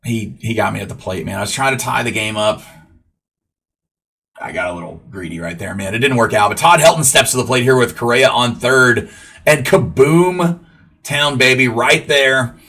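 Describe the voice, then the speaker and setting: Husky man giving casual game commentary. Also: fairly low pitch, a little fast, pushed and bright. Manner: casual, rambling play-by-play with frequent fillers. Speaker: gaming YouTuber. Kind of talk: gameplay commentary.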